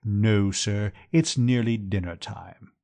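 A man reading an audiobook, voicing a calm, deferential male valet who speaks quietly and formally. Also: lowish voice, slow, creaky.

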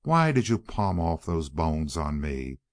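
A man voicing an angry, excited hunter in a storybook reading, speaking in an accusing way. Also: rumbling low, measured pace, full character voice.

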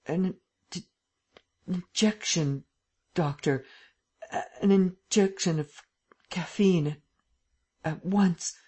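A reader voicing a weakened gentleman thief who halts, strains and sinks into whispers as he fights to think. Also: mid-range voice, husky. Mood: struggling. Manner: halting, strained, sinking into whispers. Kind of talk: audiobook character reading.

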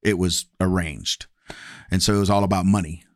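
Low-pitched and speaking at normal speed, a man keeps a fairly even intonation in a studio-quality recording with no room sound. As a guest, he recounts his testimony candidly and casually, acting out past dialogue with shifting voices.

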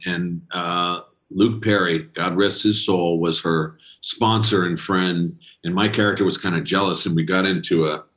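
A man's voice: sits low, a bit bright. A middle-aged man from New England, a guest actor telling anecdotes in a casual interview, laughing between stories. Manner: anecdotal, laughing, does voices in quotes.

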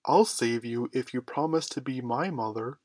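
A man voicing a soft-hearted pirate who whispers and coaxes. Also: medium pitch, normal speed, dry recording, lightly acted. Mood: coaxing. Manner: whispering, coaxing.

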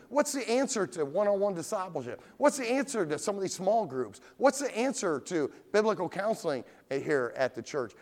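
Impassioned preacher with a lively, rising voice. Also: male voice. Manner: impassioned preaching, swings between loud rising questions and low quiet asides; reads scripture in a heightened, drawn-out voice. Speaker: pastor. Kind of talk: sermon.

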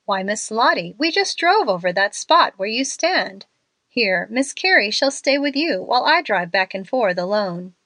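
A woman voicing a calm, gallant young gentleman who speaks in a steady, reassuring, polite way. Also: a little high, moderate pace, dry recording, heavily acted.

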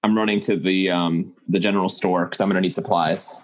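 A man with a low voice playing a tabletop role-playing game. He talks in an animated way, describing his character's actions in first person. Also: a little fast. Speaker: player.

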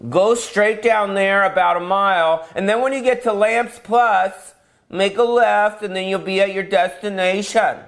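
A man's voice: high voice, steady tone, measured pace, gravelly, a bit bright, voice pushed up, heavily acted. Chirpy GPS lady, as a man puts her on. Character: chirpy female GPS navigation voice.

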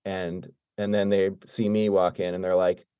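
Brief: middle-aged male guest, mellow low voice, dry close sound, lively storyteller. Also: normal speed, clean tone, no room sound. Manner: animated, acts out quoted dialogue. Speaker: guest drummer. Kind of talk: casual storytelling.

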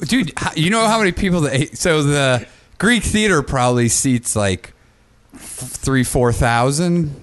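A man co-hosting a podcast in casual chat, an animated storyteller who swears and jumps into mock voices. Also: on the high side, a little slow. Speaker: podcast co-host.

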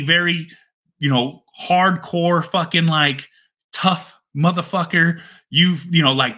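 A middle-aged father shares his story in a candid, blunt, heartfelt monologue, swearing heavily and repeating phrases for emphasis. His voice is fairly high with a sharp tone.

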